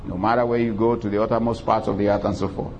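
Man preaching a sermon, drawn-out praise. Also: on the low side, little pitch movement, a little mellow, lo-fi sound, slight background noise. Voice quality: old-fashioned scripture reading. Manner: preacherly, drawn-out calls of praise and call-and-response. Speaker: pastor. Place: church.

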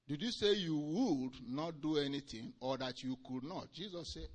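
A male preacher delivering a sermon with emphatic swings between loud declarations and quiet asides. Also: a little high, moderate pace, hardly any pauses.

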